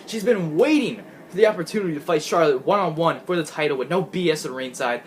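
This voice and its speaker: A man giving an excitable, gushing casual recap of a show he watched, laughing often and restarting his sentences. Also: fairly high pitch, fast talker, slight background noise. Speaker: wrestling fan recapping a show.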